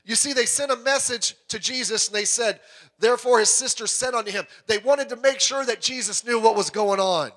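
A male pastor preaches with a high, bright, ringing voice. He is animated and acts out the voices in his story. He sometimes drops to a soft, quiet voice to drive a point home. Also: a little fast. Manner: animated preaching, acting out voices of people and God. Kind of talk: sermon.

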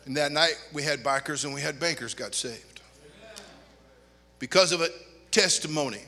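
A man preaching a sermon, telling lively anecdotes and acting out the people in them. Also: fairly high pitch, normal speed, vocal fry, big-room sound. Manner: animated anecdotes, acts out quoted people. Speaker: pastor. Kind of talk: storytelling sermon.

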